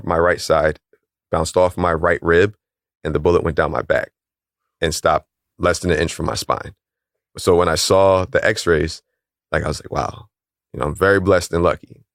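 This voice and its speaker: A man, an interview guest, calmly retelling a personal story and acting out what people said to him. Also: low voice, gravelly, no room sound, clean studio sound. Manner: calm, measured retelling, acting out quoted voices. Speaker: interview guest, calisthenics league founder.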